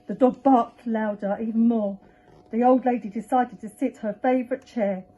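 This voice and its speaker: A woman, a teacher, reading a picture book aloud to children with lively, expressive delivery and sound effects. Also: a little high. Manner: expressive, acting out animal and household sounds. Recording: dull lo-fi recording.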